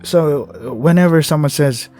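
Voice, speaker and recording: A man's voice: on the high side, unhurried, a little mellow, soft background music. A man reading a visual novel aloud and adding sarcastic commentary, often swearing and laughing. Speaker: gamer playing a visual novel.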